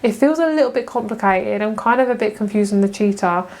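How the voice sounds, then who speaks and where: A woman's voice: medium pitch, animated, fast talker, a little mellow. A young woman giving a casual tarot pick-a-card reading, chatty and gushing, often laughing. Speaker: tarot reader.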